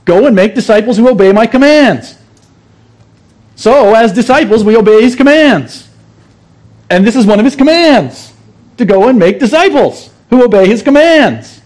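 A man with a notably high voice delivers a sermon. He teaches in an earnest, emphatic way, repeating key phrases to drive the point home. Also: animated, moderate pace, a little mellow. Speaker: pastor.

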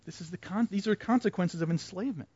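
A man leads a Bible class in a relaxed, conversational way, asking the group questions and echoing back what they answer. His voice sits fairly high. The recording is dull and muffled, with a dry, close sound. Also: fast, husky. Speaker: Bible study teacher. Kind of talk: interactive Bible class teaching.

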